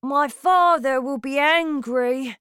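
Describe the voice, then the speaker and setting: A woman voicing a loud, greedy young boy who has been turned into a mouse, shouting and indignant in a storybook reading. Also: high voice, takes it slowly, no echo, clean studio sound, voice pushed up. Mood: worried.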